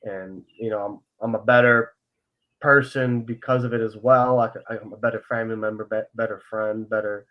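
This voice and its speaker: The audio is dull as a young man with a lowish, steady voice talks at a moderate pace on the casual podcast he co-hosts. He shares his feelings openly and earnestly, rambling along with frequent fillers and free swearing.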